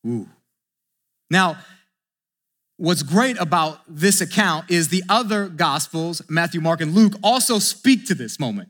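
A man in his thirties preaches with a high, bright voice that rings out through a church with a long reverb tail. He's animated and plays out scripture dialogue, then pulls back into hushed asides. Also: unhurried. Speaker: pastor. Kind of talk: sermon.

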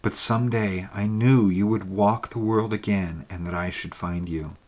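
A man reading the lines of a young woman's ghost, once burned as a witch, in a soft, intimate, pleading way. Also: lowish voice, fairly even intonation, unhurried. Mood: tender.

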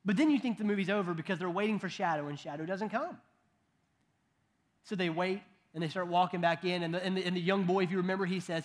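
A man's voice: high voice, fast talker. A man in his thirties preaching a sermon in a conversational way, with joking asides and frequent restarts. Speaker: pastor.

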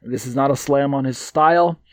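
Reading aloud from his own Bible commentary and explaining it, this man speaks in a brisk, mid-range voice with no echo. He hesitates often, restarting and using lots of fillers, while leaning heavily on the main points.

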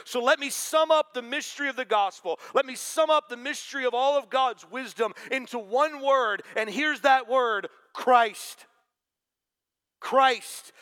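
A man's voice: extremely high pitch, bright, forceful tone, smooth. A man preaching a sermon to a congregation, talking in a conversational way and quoting scripture. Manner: conversational preaching with quoted asides. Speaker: pastor.

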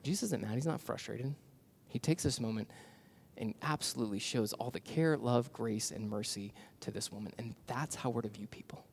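A pastor preaching a sermon in a casual, conversational way, with slang and fillers. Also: male voice, medium pitch, normal speed, creaky, husky.

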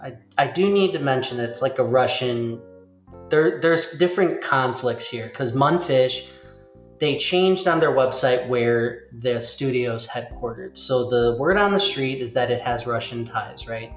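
A man's voice: mid-range voice, measured pace. A man hosting a casual chat, rambling along and acting out quotes as he goes. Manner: rambling, animated, acts out quotes. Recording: roomy, slightly dull sound with faint music.

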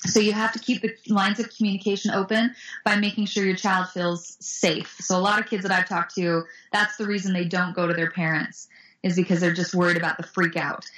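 A woman's voice: mid-range voice, rough recording. A woman guest in an interview, talking animatedly about anti-bullying tools and acting out the voices of the kids in her stories. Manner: animated, acts out quoted voices. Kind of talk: interview answers.

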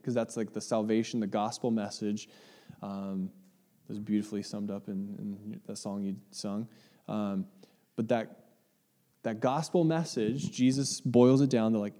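Man, pastor, conversational sermon, mellow dark tone, um-filled casual delivery. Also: fairly low pitch, steady tone, unhurried. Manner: casual, frequent ums and likes, asks the congregation questions. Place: church sanctuary.

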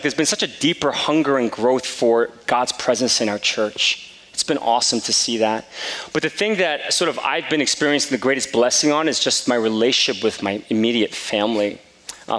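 A middle-aged man preaching a sermon, telling a personal story in a casual, animated way with many fillers. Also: mid-range voice, a little fast. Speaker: pastor. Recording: long hall reverb.

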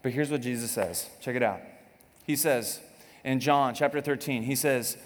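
A man in his thirties preaching a sermon as a pastor, animated and joking, acting out quotes. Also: mid-range voice, normal speed, big-room sound.

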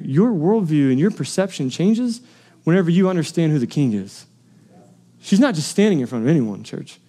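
A young man delivers a sermon in a relaxed, conversational way, stressing his points and tossing in "man" and "dude". His voice sits high for a man yet has a warm, mellow tone. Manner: casual and emphatic, drops in "man" and "dude". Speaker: preacher.

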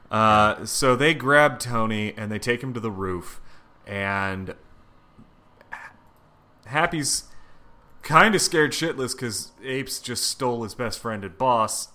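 A man's voice: on the low side, sharp tone. A man co-hosting a casual podcast, recapping a story in a laid-back way with casual swearing. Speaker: podcast co-host. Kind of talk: casual chat, recapping a comic.

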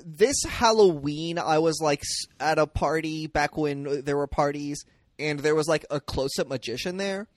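A man co-hosting a casual film discussion, halting, with frequent "like" and "um". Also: a little high, no echo. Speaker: podcast co-host.

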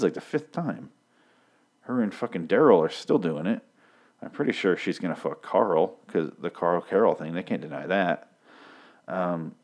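A man's voice: low voice, darkish tone. A man recapping a TV episode in a casual, rambling way, cursing freely and often losing track of names.

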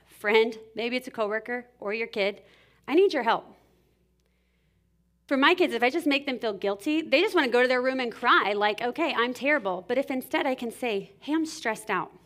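A woman in her thirties giving a casual, animated sermon-style talk on parenting, full of "like" and acted-out parent lines. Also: a little high. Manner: casual, animated, many "like"s, acts out scolding parent voices. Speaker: speaker at a church parenting talk.

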